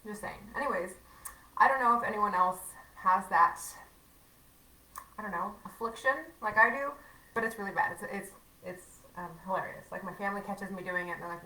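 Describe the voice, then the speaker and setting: A chatty woman talks her team through a casual livestream training, full of fillers and self-mocking asides. Her voice is bright and sharp. It sounds a bit distant, in an echoey room. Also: mid-range voice, a little fast, slight background noise.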